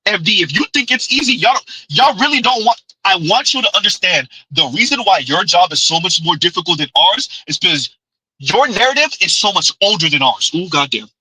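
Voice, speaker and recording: A man's voice: sits high, expressive, brisk, pushed and bright, breathy edge, no echo, rough recording. Emphatic man hosting a livestream. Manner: emphatic, repetitive, refers to himself in third person. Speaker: livestream host. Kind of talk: commentary livestream.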